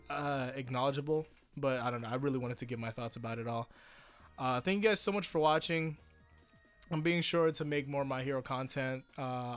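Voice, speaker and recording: A young man reviewing an anime episode in casual chat, rambling with lots of swearing and hyped excitement. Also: medium pitch.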